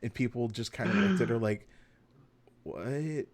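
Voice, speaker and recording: A game master, a man, with a lively voice that rises and falls as he recaps the adventure. He talks loosely, stumbles over words and corrects himself. He drifts easily into casual asides between bits of narration. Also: mid-range voice, quick pace. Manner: storyteller recap mixed with loose chatty asides and self-corrections.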